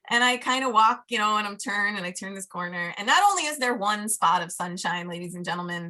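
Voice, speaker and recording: A woman guesting on a podcast as a life coach, telling a personal story in casual chat and acting out her inner voices in an animated way. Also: mid-range voice, fairly quick, hardly any pauses.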